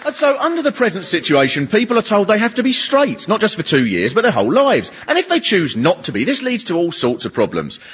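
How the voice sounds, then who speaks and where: A man's voice: high voice, wildly swooping pitch, brisk, few pauses, a bit bright, breathy edge. A British man doing a stand-up comedy monologue in a mocking tone, often slipping into silly voices. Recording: lo-fi TV recording, audience laughing.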